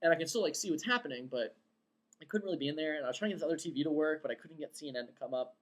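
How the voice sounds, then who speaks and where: A woman's voice: low voice, rapid-fire. Rambling young woman recounting a dream. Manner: rambling, filler-heavy, acts out quotes excitedly. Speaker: vlogger. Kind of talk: casual storytelling vlog.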